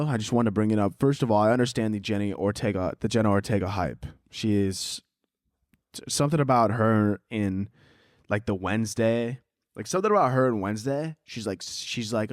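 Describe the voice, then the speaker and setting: A man's voice: on the low side, brisk, dry recording, clean studio sound. A man hosting a solo podcast, ranting casually with sarcasm and profanity and laughing at his own jokes. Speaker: podcast host.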